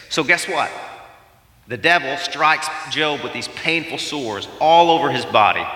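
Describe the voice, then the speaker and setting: A man delivering a sermon in a slightly higher voice with a strong, forceful brightness. His storytelling is emphatic and animated, acting out the quotes. The sound rings out in a roomy hall with a long tail of reverb. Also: unhurried. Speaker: pastor.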